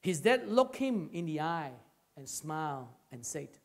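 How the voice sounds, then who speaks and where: A male pastor preaches slowly to a church congregation. His voice sits fairly high for a man. He rises loud, then sinks to a hush. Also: big pitch swings. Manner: calls to the congregation. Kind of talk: sermon.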